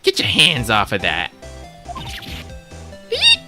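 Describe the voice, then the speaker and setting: A streamer voicing a brash Southern woman photographer with an exaggerated put-on drawl, scolding and quick to bristle. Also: medium pitch, wildly swooping pitch, over music. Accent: American Southern, put on.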